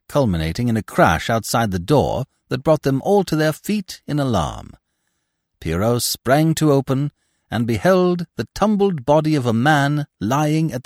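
Expressive male audiobook narrator. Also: on the low side, no room sound, studio quality. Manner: expressive, dramatic reading. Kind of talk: scripted narration of a classic novel.

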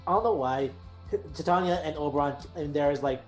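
A woman's voice: deep voice, brisk, darkish tone, faint music behind. A woman player in casual chat, joking and a bit hesitant.

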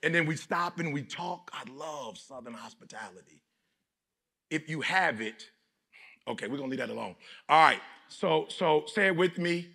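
A man's voice: on the high side, lively intonation, normal speed, gravelly, pushed and bright. A man from Detroit giving a motivational speech to a live audience, preaching in emphatic, repetitive bursts and leading call-and-response. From Detroit, USA. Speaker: motivational speaker. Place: live conference hall with audience.

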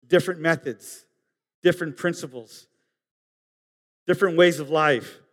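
A man preaching a sermon, earnest and halting, swinging from emphatic high peaks down to soft low asides. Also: long reverb tail. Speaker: pastor.

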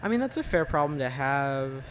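A man's voice: mid-range voice, big pitch swings, low-quality recording. Guy in his 20s, casual blunt chat, lots of likes and uhs, faint hiss behind. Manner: halting, full of "like" and "uh", blunt opinions. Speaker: film fan in conversation.

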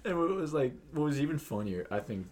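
A man's voice: on the high side, big pitch swings, brisk, crowd noise. A young man co-hosting a casual podcast chat, swearing freely and laughing through his stories. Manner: crude, laughing, swearing storyteller. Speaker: podcast co-host.

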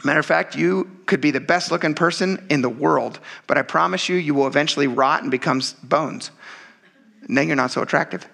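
A pastor preaching a sermon in a conversational, joking and emphatic way, often checking in with the congregation. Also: male voice, on the high side, brisk, gravelly, pushed and bright.

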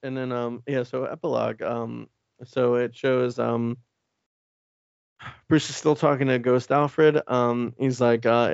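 A man's voice: mid-range voice, completely flat delivery, a little slow, gravelly, darkish tone, clean tone, dry recording, muffled recording. A man co-hosting a podcast, rambling and swearing as he recaps a comic and acts out the characters' lines. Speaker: podcast co-host. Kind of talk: casual chat recapping a comic.

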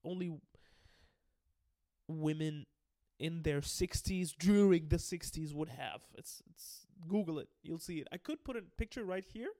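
A man's voice: a little high, a little slow, warm tone, no echo, studio quality. A young man rambling through a casual story recap, restarting often, swearing and laughing as he goes. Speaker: video host.

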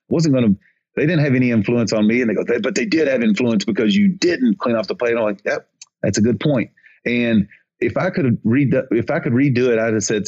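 A man's voice: mid-range voice, darkish tone, highs cut off. A man, a baseball umpire, telling a rambling story on a podcast, with many restarts, acting out crowd chants and quoted lines.

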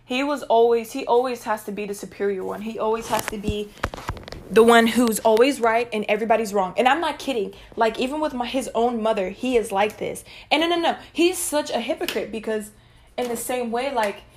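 Animated young woman venting on a vlog. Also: fairly high pitch, a little fast, slight background noise. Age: young adult. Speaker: vlogger. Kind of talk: personal storytelling vlog.

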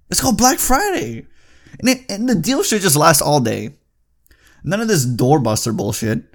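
Young male vlogger, gravelly fry, swearing through a heated rant with sudden loud jumps. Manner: profane, heated ranting that swings loud and high. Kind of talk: casual storytelling rant.

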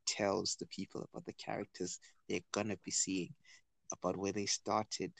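A man co-hosting a casual podcast chat, stammering through many restarts as he gets excited. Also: low voice, moderate pace, creaky, dry recording. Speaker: podcast co-host.

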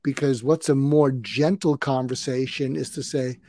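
A man in his mid-seventies, a retired psychiatrist turned conflict coach, calmly explaining techniques as a podcast guest and acting out sample dialogue. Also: medium pitch, moderate pace, no room sound. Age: 70s. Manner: calm, advice-giving, acts out sample dialogue.

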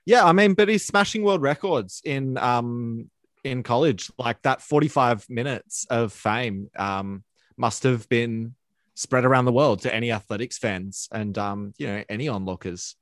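A man co-hosting a casual history podcast, talking in a relaxed, hesitant way with ums and likes. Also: mid-range voice, measured pace, dry recording, clean studio sound. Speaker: podcast co-host.

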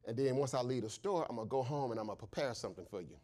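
A man voicing a mother who gently tells her young son about the meal she will cook for him, in a soft, hushed voice. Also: mid-range voice, expressive, rapid-fire, pitched below the performer's own voice, close to an everyday voice. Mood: tender.

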